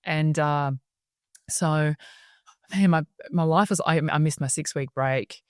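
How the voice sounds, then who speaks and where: An Australian woman speaking as a podcast guest, telling stories in a lively, chatty way and laughing often. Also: low voice, takes it slowly, dry recording, clean studio sound. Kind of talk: casual interview storytelling.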